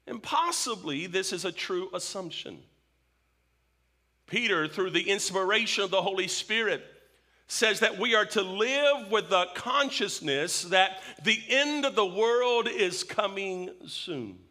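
A man's voice: sits high, bright, forceful tone. A male pastor giving an evening sermon and prayer, emphatic, repeating his questions for effect.

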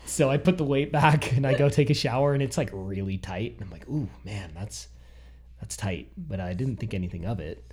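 A man's voice: medium pitch, fast, few pauses. A man in his thirties telling a personal story in a casual chat, acting out what he and others said. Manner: animated, quotes himself and others.

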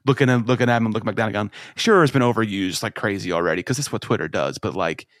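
A man co-hosting a podcast, chatting casually, excitable and profane, with lots of restarts. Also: lowish voice, racing, dry recording, clean studio sound. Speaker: podcast co-host. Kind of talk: casual chat.

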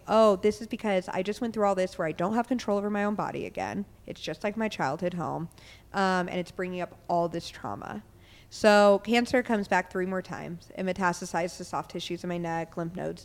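A woman's voice: fairly low pitch, long reverb tail. A young adult woman, a podcast guest, telling her own story candidly and casually, with many "um"s and "like"s. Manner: candid, quick retelling with many "um" and "like".

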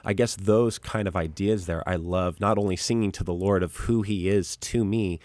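A man with a very low voice talks as an interview guest, earnest and reflective, often restarting his sentences. The sound is dry and close, with no room around it. He reads as a pastor and musician. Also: steady tone, moderate pace, darkish tone, dry recording. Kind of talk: conversational interview.

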